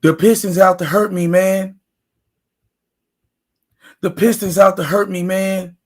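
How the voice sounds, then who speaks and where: A man's voice: high voice, steady tone, slow pace. A man putting on the voice of a whining basketball star who pleads and complains about being fouled. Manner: whiny, pleading.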